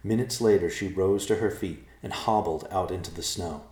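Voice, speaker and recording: Man, storybook narrator, steady measured reading, very deep voice, roomy echo. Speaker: audiobook narrator.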